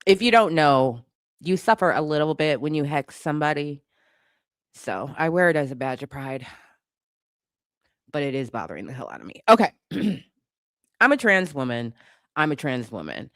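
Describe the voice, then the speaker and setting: Lively intonation marks this YouTube commentator's mid-range voice, delivered at a moderate pace with long pauses. Reacting to song lyrics at home in a living room with a couch and a cat, the vlogger is sarcastic and laughs a lot, and the recording is dry and clean.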